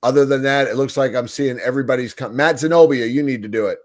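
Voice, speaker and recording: A hoarse man with a New York accent co-hosting a casual fan podcast, telling stories in an animated way. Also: medium pitch, quick pace. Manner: animated storyteller, hoarse from yelling. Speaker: podcast co-host. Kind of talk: casual hockey fan chat.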